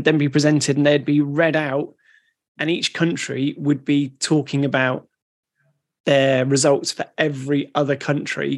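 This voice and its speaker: A man co-hosting a podcast, explaining things in a casual, rambling way with lots of restarts. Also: fairly high pitch. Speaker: podcast co-host. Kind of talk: casual educational chat.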